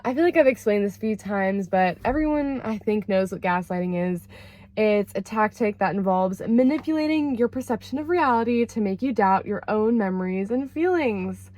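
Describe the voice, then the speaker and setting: A young woman chatting casually to camera about therapy, lively and expressive, acting out quoted lines with big jumps in pitch. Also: moderate pace, no echo. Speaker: vlogger sharing therapy insights.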